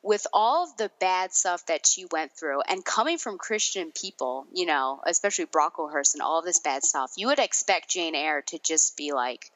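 A woman's voice: sits low, lively intonation, normal speed, hardly any pauses, a bit bright, low-quality recording. A woman in a casual film discussion, thoughtful and hesitant, with many fillers.

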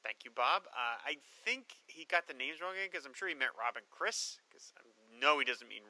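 A man co-hosts a podcast, reading listener mail and joking around. His voice is fairly high and swings widely. The tone is bright, the sound dry. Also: fairly quick, no echo, low-quality recording. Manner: animated, joking. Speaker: podcast co-host.

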